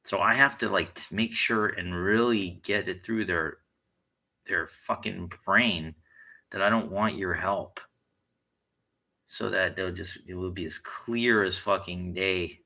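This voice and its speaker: A man's voice: deep voice, fairly even intonation, a little slow, pushed and bright, rough recording. A man delivering a blunt, heated monologue full of swearing. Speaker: vlogger. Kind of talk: profane monologue rant.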